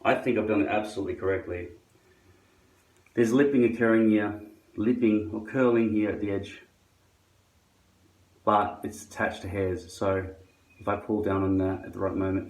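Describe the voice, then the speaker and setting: A man's voice: on the low side, steady tone, normal speed, long pauses, a little mellow, distant mic. A man demonstrating how he applies a hairpiece, talking to his viewers in a sardonic, grumbling way and swearing often. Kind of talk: casual how-to monologue to camera. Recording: echoey room.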